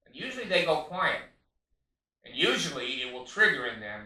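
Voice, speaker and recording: A man's voice: a little high, big pitch swings, normal speed, pushed and bright. A man in his late seventies, a counselor giving blunt spiritual advice with profanity and many fillers. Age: 70s. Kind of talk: spiritual self-help monologue. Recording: echoey room, far from mic.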